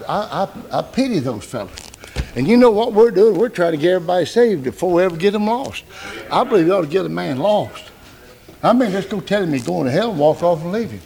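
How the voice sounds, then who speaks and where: An older man preaching a sermon in a folksy way, breaking into shouts and laughing asides. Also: on the high side, creaky.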